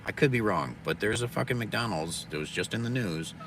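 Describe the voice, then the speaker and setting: Deep-voiced man ranting bluntly. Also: expressive, fairly quick, background noise. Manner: profane, blunt and mocking. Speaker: live streamer. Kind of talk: casual ranting monologue. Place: indoors near a mirror.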